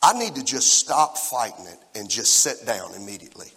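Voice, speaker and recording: A man in his forties preaching a lively sermon and talking straight to the congregation in a church hall. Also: fairly low pitch, normal speed, breathy edge. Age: 40s. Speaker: pastor. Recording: long church-hall reverb.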